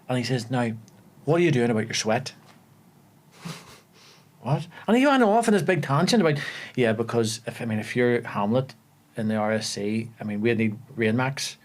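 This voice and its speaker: A young man with a Belfast accent, an actor telling animated stories on a podcast and laughing often. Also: mid-range voice. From Northern Ireland. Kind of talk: casual storytelling chat. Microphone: podcast studio mic.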